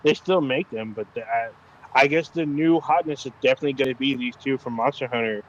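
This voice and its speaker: A man co-hosts a casual gaming podcast, speaking at medium pitch and a brisk pace. His talk is loose and profane, packed with swearing and filler words. The lo-fi recording carries a little hiss or hum.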